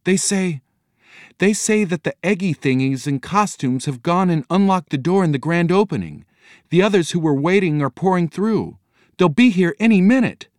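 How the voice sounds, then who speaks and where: A man voicing a cheerful young girl in a storybook reading, talking eagerly with a raised, bright voice. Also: high-pitched, lively intonation, moderate pace, dry recording, clean studio sound, pitched above the performer's own voice. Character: young girl becoming part wolf, cheerful.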